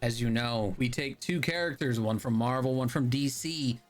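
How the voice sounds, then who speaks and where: A man co-hosting a casual comic-book chat, laid-back and slangy, quick to laugh. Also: medium pitch, faint music behind. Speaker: podcast co-host.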